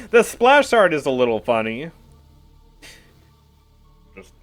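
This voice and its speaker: A man's voice: on the high side, huge pitch swings, slow, long pauses, soft background music. A man streaming a game live, chatting casually with his viewers and laughing often as he comments.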